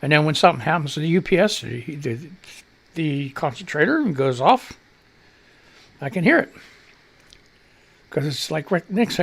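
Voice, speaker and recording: Gravelly high-voiced radio host rambling. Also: male voice, fairly bright tone. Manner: chatty storytelling, frequent fillers and mild cursing. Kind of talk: casual rambling monologue.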